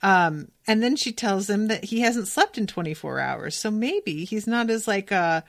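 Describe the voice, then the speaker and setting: A woman's voice: mid-range voice, animated, moderate pace, no room sound, clean studio sound. A woman hosting a podcast, casually recapping an episode with lots of filler words and amused asides. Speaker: podcast host recapping a cartoon.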